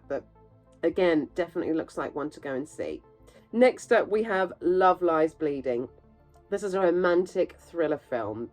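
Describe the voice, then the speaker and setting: A woman's voice: low voice, low-quality recording. Chatty woman hosting film news. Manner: chatty, animated and opinionated, with asides. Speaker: movie news host. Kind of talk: casual film news roundup.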